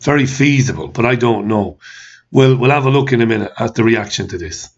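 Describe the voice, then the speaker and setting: A man's voice: mid-range voice, fairly quick, slightly rough. A man hosting a talk show, ranting in commentary with repeated questions and swearing. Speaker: host. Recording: slightly dull lo-fi sound.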